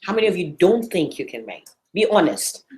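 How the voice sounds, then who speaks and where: A woman's voice: fairly low pitch, very animated, brisk, warm tone. A woman from West Africa giving an encouraging motivational talk to a room at a church learning session, firing rhetorical questions at her listeners.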